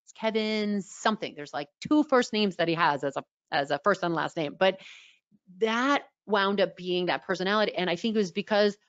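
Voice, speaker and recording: A middle-aged woman from New York with a slightly raspy voice and a New York accent, coaching a webinar audience with lively energy and repeated key words. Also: mid-range voice, normal speed, no echo. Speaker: social media coach. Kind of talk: webinar teaching. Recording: dull, dry sound.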